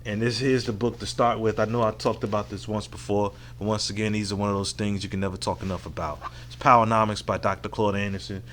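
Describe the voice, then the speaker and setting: A man's voice: lowish voice, flat delivery, fast, few pauses, fairly bright tone, slight background noise. Frank, profane man hosting a solo podcast. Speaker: podcast host. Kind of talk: casual solo podcast monologue.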